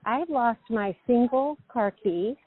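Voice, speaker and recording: A woman from California calling a radio show, talking in a hurried way. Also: fairly high pitch, expressive, slightly rough. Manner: hurried, laughs often. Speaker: caller. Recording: tinny phone line.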